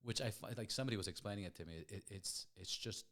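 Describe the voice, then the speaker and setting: A man hosting a casual podcast chat, an animated storyteller who stammers and repeats words while acting out voices. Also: fairly low pitch, fast. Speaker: podcast host. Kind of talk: casual conversation.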